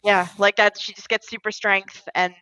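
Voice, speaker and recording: A woman's voice: medium pitch, little pitch movement, moderate pace, sharp tone, no echo. A woman co-hosting a comic book podcast, chatting expressively and laughing often. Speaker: podcast co-host. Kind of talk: casual chat. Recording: slightly dull lo-fi sound.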